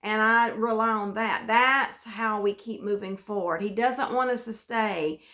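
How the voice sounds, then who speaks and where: A woman's voice: on the high side, measured pace, pushed and bright. A woman giving an earnest devotional Bible teaching, often repeating phrases and restarting her sentences. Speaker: devotional speaker.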